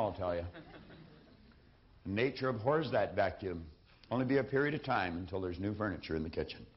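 A man's voice: fairly low pitch, a little hiss or hum. A man giving a motivational lecture from a lectern, speaking emphatically and repeating his key phrases. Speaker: seminar speaker. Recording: dull lo-fi recording.

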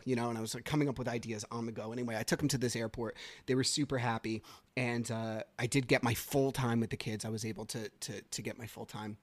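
A man's voice: mid-range voice, darkish tone, no echo. Man talking in a dry rambling podcast voice. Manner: rambling, conversational, many fillers and restarts. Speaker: podcast host. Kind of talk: casual personal storytelling.

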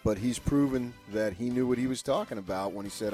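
A man's voice: mid-range voice, a little fast, warm tone, faint music behind. A man co-hosting a sports talk show, opinionated and rambling as he gives his takes. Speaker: sports radio co-host.

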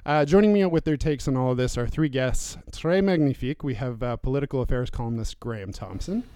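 A man hosts a political podcast from a newsroom studio, speaking at a middling pitch. His delivery is lively, with jokey asides as he brings in guests. The sound is close and dry. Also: fast talker, clean tone, dry recording. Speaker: podcast host.

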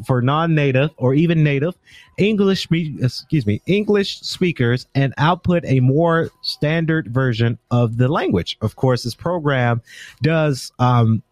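A man's voice: mid-range voice, darkish tone, dry recording. American male podcast host, mid-range voice, loose rambling delivery full of restarts, dry close recording. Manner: rambling, stumbles and corrects himself often. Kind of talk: casual tech news commentary.

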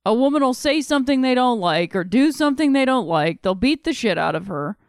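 A woman's voice: on the high side, animated, fairly quick, clear, resonant tone, no echo, studio quality. A young adult woman hosting a solo podcast, talking in a rambling, frank way with some swearing, sleepy and yawning. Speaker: podcast host. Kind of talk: casual solo podcast monologue.

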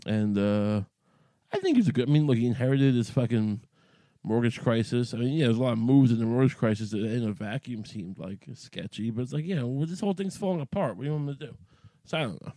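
A man's voice: medium pitch, lively intonation, fast talker, mellow, no room sound. A man hosting a podcast, talking in a rambling, profane monologue full of restarts and asides. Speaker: podcast host.

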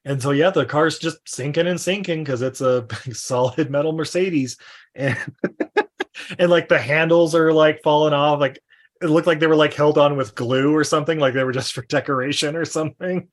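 A man with a high, light voice hosts a casual podcast and retells a film's plot in a loose, rambling way. He laughs often and slips into quick voices for the characters he describes. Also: fairly even intonation. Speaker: podcast host. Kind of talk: casual film recap chat.

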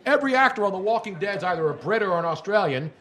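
A man hosts with fast, eager chatter and keeps cutting in on the others. His voice sits a little high for a man, and he rattles through plugs and jokes without slowing down. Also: animated, fairly bright tone. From South Philadelphia. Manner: chatty, enthusiastic, talks over others. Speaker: radio show host. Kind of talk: casual show banter.

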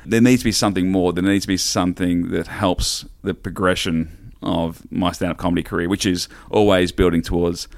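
A middle-aged Australian man spins self-deprecating stories, looping back and restarting as he goes. His voice sits low, and the recording is close and dry with no room sound. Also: steady tone, a little fast, gravelly, few pauses, no room sound. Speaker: stand-up comedian guest. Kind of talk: casual storytelling chat.

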